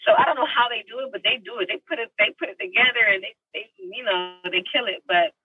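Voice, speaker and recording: A young adult woman, an actress guest on a podcast, telling her story with feeling, acting out quoted lines with big leaps in pitch. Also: fast talker, slightly rough, no room sound, far from the mic, narrow, tinny audio. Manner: animated, emotional, acts out quotes with big pitch jumps; heartfelt, faith-filled tone.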